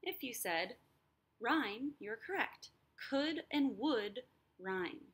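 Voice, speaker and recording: A woman teacher explaining a lesson, sounding out words slowly and clearly. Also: a little high, lively intonation. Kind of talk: recorded lesson.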